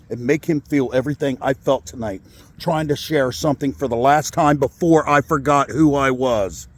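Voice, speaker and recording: A man in his forties telling a personal story in a vlog, angry and upset, swearing and rambling with many fillers. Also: mid-range voice. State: upset, shaky with anger. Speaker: vlogger. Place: in a car.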